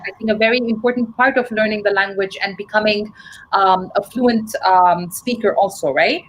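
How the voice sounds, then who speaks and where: A woman's voice: medium pitch, steady tone, normal speed, slight background noise, low-quality recording. A young woman hosting a live online English lesson in an easygoing, agreeable way. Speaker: English teacher.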